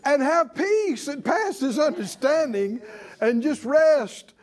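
A man preaching a sermon in an animated way, asking the congregation to answer back and mimicking worried voices. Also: very high-pitched, slow.

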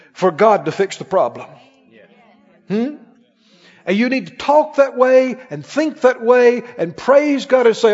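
Animated preaching man, high lively voice. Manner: emphatic, animated preaching with exclamations. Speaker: pastor. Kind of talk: sermon. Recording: dull recording with long hall reverb.

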